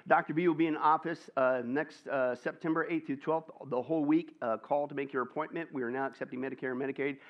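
A man's voice: a little high, fairly even intonation, fast, few pauses, lo-fi sound. A male pastor giving church announcements in an upbeat, jokey way, asking and answering his own questions.

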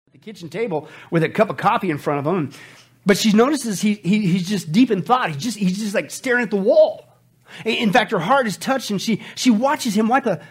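A man preaching to a congregation, telling jokes with lively, swooping delivery. His voice is husky and a little breathy. He stumbles over words and restarts often as he tells his stories. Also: high-pitched. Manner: animated storytelling, stammering restarts. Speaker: pastor. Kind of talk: sermon with jokes.

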